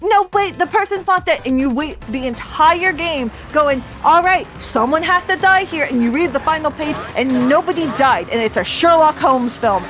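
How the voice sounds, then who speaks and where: A woman's voice: high voice, expressive, moderate pace, few pauses, a bit bright, soft background music. A woman co-hosting a casual drinking chat, ranting emphatically and swearing freely, slightly tipsy. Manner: emphatic, profane, rants with mocking put-on quotes. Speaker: podcast co-host. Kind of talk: casual chat about a video game.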